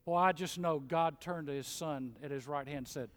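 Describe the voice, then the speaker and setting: A middle-aged man preaching a sermon in a church, folksy and animated, mimicking grumblers. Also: on the high side, normal speed. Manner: animated, folksy, mocks complainers in mimicking voices. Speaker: pastor. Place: church sanctuary. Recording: long hall reverb.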